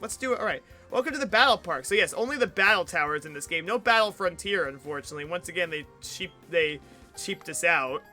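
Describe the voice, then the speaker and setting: Man, game streamer, casual rambling commentary, high pitch, bright tone, faint game music. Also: quick pace. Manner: rambling, chatty, many fillers. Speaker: streamer playing a video game. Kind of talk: casual let's play commentary.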